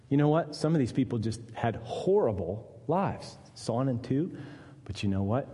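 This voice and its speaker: A man preaching a sermon, earnest, dropping low and quiet for weight and rising to voice the people in his text. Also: breathy edge. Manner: earnest, dips low and quiet for weight, lifts up to voice Jesus and Peter. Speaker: pastor. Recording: long reverb of a church hall.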